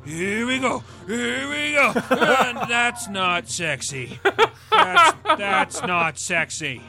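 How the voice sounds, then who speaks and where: A man doing a gravelly, eager leering commentator. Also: sits high, lively intonation, a little slow, sharp tone, faint music behind, voice pushed up, exaggerated voice. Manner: breathless, eager running commentary. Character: man leering at a slideshow of women.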